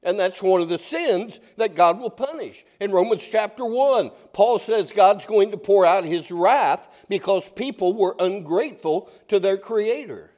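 High-pitched male pastor, folksy sermon, talks straight to the pews. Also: a little mellow. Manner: folksy, asks the congregation questions.

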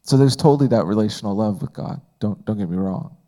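A man's voice: lowish voice, animated, quick pace, mellow. A man teaching a Bible study in a conversational way, asking the group questions and often using fillers.

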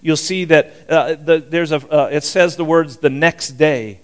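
A man's voice: fairly high pitch, fairly even intonation, moderate pace, smooth. An older man preaching a sermon as pastor, folksy and rambling, chuckling often as he talks.

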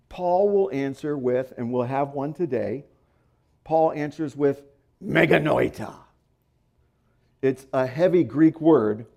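A man's voice: a little high, dark tone. A man preaching a sermon as pastor, teaching through a passage and reading scripture aloud with strong emphasis and the odd playful aside.

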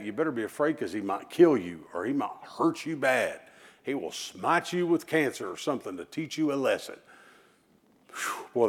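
Emphatic preaching man, call-and-response. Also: fairly low pitch. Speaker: pastor. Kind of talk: sermon.

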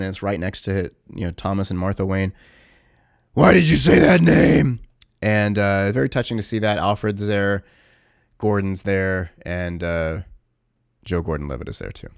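A man's voice: fairly low pitch, clean tone, dry recording, clean studio sound. A man casually recapping a movie plot, rambling and sarcastic with lots of fillers. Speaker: movie reviewer.

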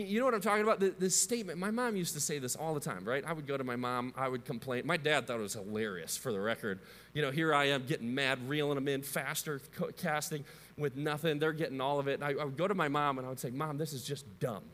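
A man's voice: a little high, fairly bright tone, long reverb tail. A man in his thirties preaching a sermon as a pastor, conversational and story-driven, often asking his listeners questions.

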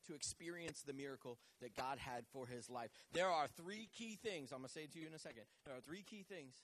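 A man's voice: a little high, quick pace, a bit bright. A male pastor preaching a sermon, joking and teasing himself and asking the church to answer back. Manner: jokey, self-teasing, calls for responses.

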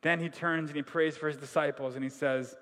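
Pastor, male, higher-pitched voice, conversational sermon delivery, long hall reverb. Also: steady tone, fairly quick, a bit bright. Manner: casual, conversational preaching.

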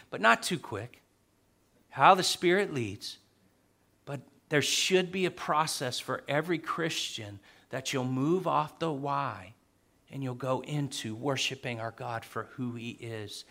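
A man preaching a sermon as pastor, emphatic, repeating key phrases and swinging from soft to loud. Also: medium pitch.

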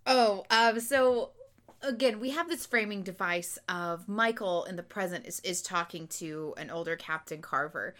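A woman co-hosting a podcast in casual chat, expressive and talkative, with sighs and groans. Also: fairly low pitch, measured pace. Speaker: podcast co-host recapping a TV episode.

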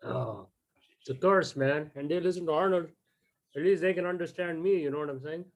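A man putting on an easygoing, chatty bro with a Hinglish accent, his voice pitched a touch higher than most men's. He spins deadpan jokes into an improvised comedy story and tosses "bro" into nearly every line. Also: a little fast, gravelly. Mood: joking. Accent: Indian English. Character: laid-back bro-talking male traveler Jay. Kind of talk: improvised comedy role-play.

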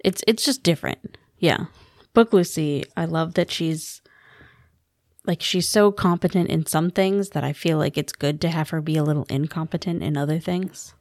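Creaky-voiced woman in casual chat. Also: low voice, moderate pace, a little mellow, no room sound, clean studio sound. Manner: chatty, giggly, acts out quotes from the book. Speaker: podcast co-host. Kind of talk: casual book-club chat.

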